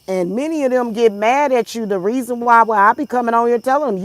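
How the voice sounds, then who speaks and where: A woman, hosting her spiritual channel. She rants to viewers bluntly and profanely, swinging from soft talk to loud outbursts. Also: medium pitch, fast talker, hardly any pauses, no echo. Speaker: spiritual reader, channel host. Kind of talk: heated monologue to viewers.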